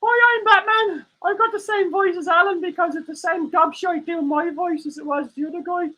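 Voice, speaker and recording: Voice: very high-pitched, steady tone, normal speed, bright, forceful tone, voice pushed up, poor audio. A streamer voicing a cheeky, crude male meerkat puppet who swears at every turn. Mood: boastful. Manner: foul-mouthed, cheeky. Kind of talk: puppet voice on a livestream.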